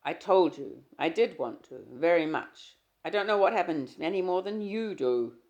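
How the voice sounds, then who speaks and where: A woman reading the lines of an irritable young husband in an audiobook, with loud, clipped, defensive retorts. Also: deep voice, lively intonation, measured pace, vocal fry, muffled recording, heavily acted. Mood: exasperated. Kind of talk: audiobook character dialogue.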